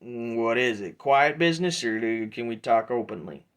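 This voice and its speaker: A tall, strong crossbowman with a rough, plain-spoken manner swears as he talks, as a man puts him on. His voice sits at an ordinary middle pitch. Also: expressive, normal speed, natural voice. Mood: blunt. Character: tall strong male crossbow-carrying guard, gruff and blunt.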